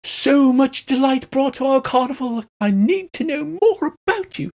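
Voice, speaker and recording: A man voicing a flamboyant, theatrical male elf showman who gushes in a high sing-song voice. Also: expressive, normal speed, creaky, darkish tone, heavily acted. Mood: gushing. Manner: effusive, gushing, sing-song.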